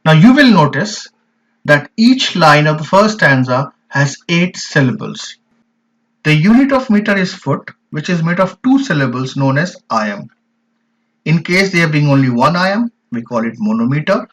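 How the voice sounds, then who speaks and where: Man teaching slowly and emphatically, lo-fi. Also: on the high side, big pitch swings, a bit bright. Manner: slow, emphatic explanations with repeated examples. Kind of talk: explaining a poem in an online class. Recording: dull lo-fi recording.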